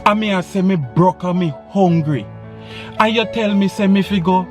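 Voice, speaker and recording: A man's voice: high voice, moderate pace, darkish tone, soft background music. A man acting in a comedy sketch, pleading and frantic in patois.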